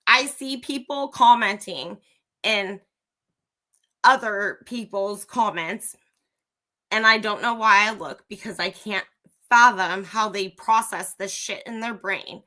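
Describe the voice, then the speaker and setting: A woman's voice: mid-range voice, slow, pushed and bright. A woman hosting a livestream, giving a blunt, profane opinion rant straight to her viewers. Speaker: livestream host. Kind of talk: ranting live commentary.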